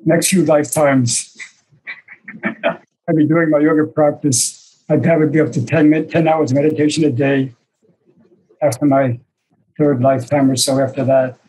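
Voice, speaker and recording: A man's voice: fairly high pitch, steady tone, moderate pace, long pauses, darkish tone, husky, poor audio. An older man, a senior disciple, telling reflective, self-deprecating stories to a small group over a video call, with hesitant fillers. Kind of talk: storytelling to a small online group.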